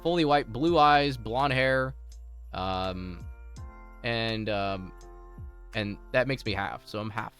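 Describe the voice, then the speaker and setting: A man's voice: mid-range voice, a bit bright, clear, resonant tone. A man streaming from home, chatting casually with his viewers, rambling through stories with lots of laughter and restarts.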